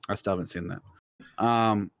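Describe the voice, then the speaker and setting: A man's voice: lowish voice, fairly even intonation, unhurried, fairly bright tone. A man co-hosting a casual podcast chat, telling a story eagerly and rambling a little. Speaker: podcast co-host.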